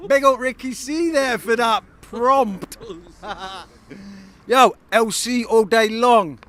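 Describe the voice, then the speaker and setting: A man hosting a show on location, speaking slowly in a high voice. He sounds laid-back and relaxed. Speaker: radio show host. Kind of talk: on-location interview intro.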